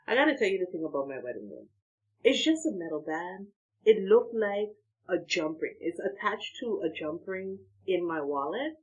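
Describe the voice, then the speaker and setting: A woman from Saint Martin telling a story in a casual, animated way, laughing between lines and using lots of slang. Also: fairly low pitch, moderate pace, husky, lo-fi sound. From Saint Martin, Dutch Caribbean.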